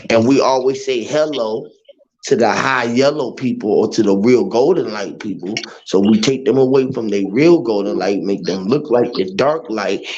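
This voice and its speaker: A man hosting a casual livestream, rambling loudly and mockingly mimicking greetings. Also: medium pitch, moderate pace. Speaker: livestream host. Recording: muffled lo-fi audio with faint hiss.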